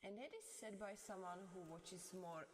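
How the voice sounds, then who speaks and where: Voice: medium pitch, normal speed, a little hiss or hum. Rambling streamer in an echoey room. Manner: rambling, thinking aloud, many "like" fillers and soft laughs. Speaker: ASMR live streamer. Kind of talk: casual live-stream chat with viewers.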